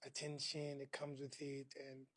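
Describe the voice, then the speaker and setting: A South African man, a podcast guest, telling an animated story and acting out other people's lines. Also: medium pitch, a little slow, no echo. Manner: acts out other people's voices, laughing while telling. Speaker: interview guest.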